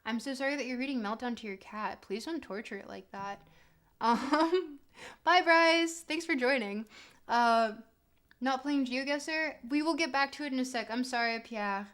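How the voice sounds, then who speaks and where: Streamer type: Canadian woman with a slightly high voice, chatty, digressive and profane, talking casually to her chat. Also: a bit bright. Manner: rambling, profane, quick tangents while answering chat.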